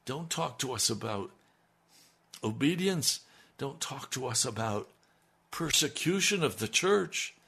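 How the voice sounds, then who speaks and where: A gravelly male pastor delivering a radio sermon. His voice is mid-pitched with a rough, creaky edge. He preaches with fervor, pushing some lines out loud and dropping others to a near hush. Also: animated, measured pace, long pauses. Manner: impassioned, swinging from loud to hushed.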